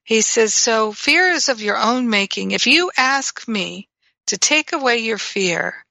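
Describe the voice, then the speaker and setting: A woman's voice: fairly high pitch, lively intonation, unhurried, creaky, pushed and bright, no room sound, poor audio. A woman teaching in a reflective spiritual talk, telling stories and acting out her own reactions. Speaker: spiritual teacher and radio host.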